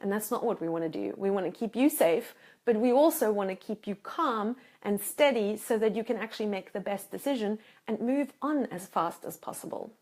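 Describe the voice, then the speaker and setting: A woman's voice: mid-range voice, animated, a little fast, a little mellow. A woman life coach giving a motivational talk to her own camera, emphatic and repeating words for stress. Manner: acts out anxious inner voices. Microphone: self-filmed camera.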